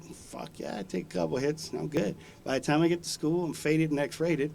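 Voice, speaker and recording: A man in his forties sits in a radio studio, spinning laid-back, slangy stories full of swearing. He laughs often as he goes, and his voice sits a little high for a man. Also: steady tone, fairly quick, vocal fry, darkish tone, a little hiss or hum. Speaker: studio guest. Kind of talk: casual storytelling chat.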